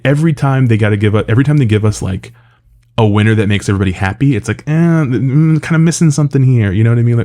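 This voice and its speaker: A man's voice: fairly low pitch, dark tone. A man giving an exasperated, sarcastic and profane rant in casual commentary, full of filler words.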